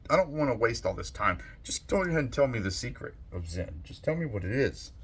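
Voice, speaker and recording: A man's voice: medium pitch, very animated, brisk, a little hiss or hum. Man doing an eager young Zen student. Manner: pushy, impatient asking.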